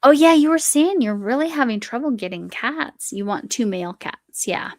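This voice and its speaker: Chatty woman with a gravelly voice. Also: on the high side, lively intonation, moderate pace, dry recording. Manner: chatty, reads viewer comments aloud, talks to her cat. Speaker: livestream host. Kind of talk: casual live chat while crocheting.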